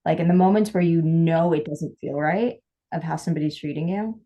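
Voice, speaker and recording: A woman's voice: sits low, a little fast, warm tone, muffled recording. A woman co-hosting a podcast, talking candidly in casual conversation and often restarting her sentences. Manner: candid, rambling with frequent restarts and quoted asides. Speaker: podcast co-host.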